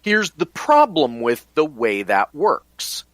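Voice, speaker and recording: A man co-hosting a casual podcast, explaining his points in a measured way. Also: on the high side, huge pitch swings, a bit bright, no room sound. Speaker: podcast co-host.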